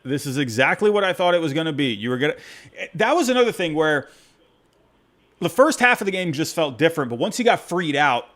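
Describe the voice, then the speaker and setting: A man hosting a postgame baseball reaction show, talking in an excitable, rambling way that keeps breaking off and restarting. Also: fairly high pitch, brisk. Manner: excitable, rambling, self-interrupting. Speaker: podcast host.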